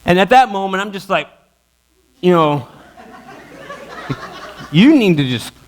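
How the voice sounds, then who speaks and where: Man, 30s, pastor; comic sermon storyteller, lively lilting delivery, high-pitched. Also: a little hiss or hum. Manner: animated, self-mocking, acts out his family in quick voices. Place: church auditorium.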